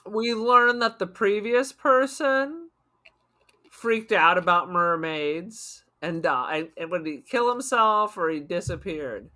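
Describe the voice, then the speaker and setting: A man's voice: sits high, slow pace, bright, forceful tone. A man co-hosting a podcast, talking about a movie in a blunt, crude and jokey way. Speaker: podcast co-host. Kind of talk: casual movie chat.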